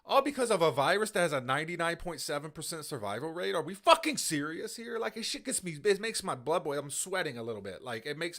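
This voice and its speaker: Man, livestream host, angry profane rant, higher voice, bright and sharp. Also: animated, fairly quick, hardly any pauses. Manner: heated, profane, repetitive ranting. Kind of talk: angry live commentary.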